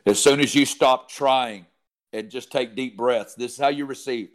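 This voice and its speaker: A man leading charismatic group prayer, speaking in tongues with fervent calls that swell loud and drop to hushed murmurs. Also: medium pitch, moderate pace. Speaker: prayer leader.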